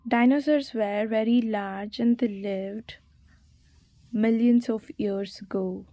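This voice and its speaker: A woman's voice: fairly high pitch, steady tone, slow pace, mellow, no room sound. A woman reading exam quiz questions and answers aloud, spelling words out letter by letter. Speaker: exam revision narrator.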